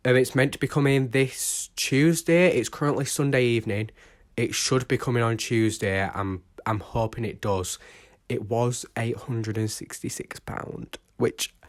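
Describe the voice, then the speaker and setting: Young man, casual vlog chatter into a phone mic, mid-pitched, dry close sound. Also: dry recording. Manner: rambling, self-mocking, chatty. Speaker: vlogger. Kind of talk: casual chat to camera. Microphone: old smartphone used as microphone.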